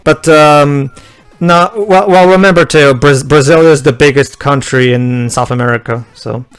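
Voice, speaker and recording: A man's voice: fairly high pitch, steady tone, a little slow, clear, resonant tone. A man from Portugal, a native Portuguese speaker, chatting casually over gameplay with friends in fluent English, full of stammered restarts and easy laughter. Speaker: let's play co-host.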